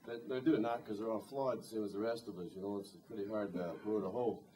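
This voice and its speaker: A man's voice: fairly low pitch, steady tone, fast talker, warm tone, a little hiss or hum. A man and singer-songwriter introducing a song at a live concert, telling a rambling story with dry humor. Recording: distant live concert recording, faint guitar.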